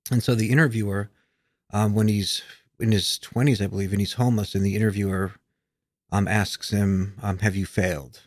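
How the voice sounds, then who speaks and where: A man's voice: lowish voice, little pitch movement, moderate pace, dry recording, studio quality. Hesitant American man musician. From United States. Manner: hesitant, many fillers and restarts. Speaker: musician guest. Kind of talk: casual interview chat.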